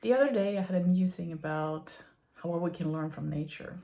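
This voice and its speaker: Speaking to her viewers, this woman vlogger, somewhere in her thirties or forties, shares earnest spiritual thoughts in a gentle way, with plenty of fillers and quiet laughter. The pitch is fairly low and creaky, and the pace brisk.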